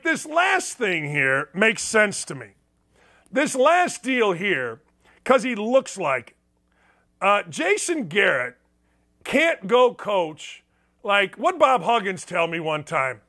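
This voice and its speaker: Sports radio host, a man with a high, bright voice, blunt and sarcastic, lively delivery. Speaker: sports talk show host. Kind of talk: opinionated sports talk monologue.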